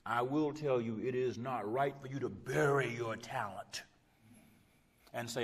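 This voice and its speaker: Man, pastor, sermon, impassioned, repetitive rhetorical cadence, loud peaks and hushed drops, long church reverb. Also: medium pitch, unhurried. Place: church sanctuary.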